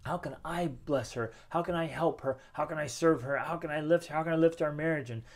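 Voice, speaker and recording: Energetic man giving a motivational talk. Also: fairly high pitch, a little fast. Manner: energetic, emphatic, asks rhetorical questions. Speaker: host. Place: home with children playing nearby.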